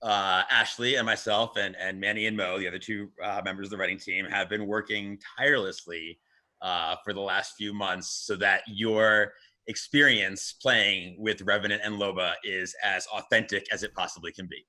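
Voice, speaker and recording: A man guest on a video-call interview, talking in an animated way and often repeating words as he gets going. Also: lowish voice, moderate pace. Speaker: game writer and interview guest.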